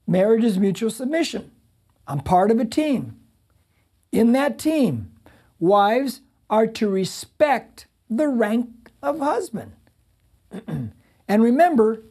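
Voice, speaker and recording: Mellow husky-voiced male pastor preaching. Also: high-pitched. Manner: conversational, addresses the congregation directly. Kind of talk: sermon.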